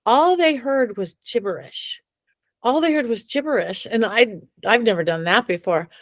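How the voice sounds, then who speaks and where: Middle-aged woman, interview guest, lively storyteller, slightly high voice, dry close sound. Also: no room sound. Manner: acts out quoted voices, dramatic pauses. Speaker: psychic medium guest.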